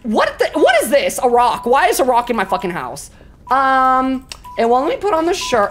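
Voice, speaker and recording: A woman streamer casually narrating a game, talking to her chat with profane, excitable outbursts. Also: high voice, moderate pace, over loud music. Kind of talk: casual let's-play chatter.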